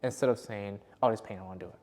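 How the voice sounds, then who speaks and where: A man's voice: fairly low pitch, very fast, warm tone, in a large hall. A man hosting a podcast, talking enthusiastically and laughing often. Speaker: podcast host, physiotherapist. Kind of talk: casual interview chat.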